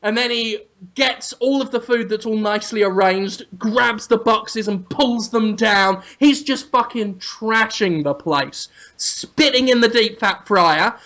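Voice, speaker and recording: A man co-hosting a comedy podcast, telling an absurd, crude story in an animated way. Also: high voice, measured pace, few pauses. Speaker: podcast co-host.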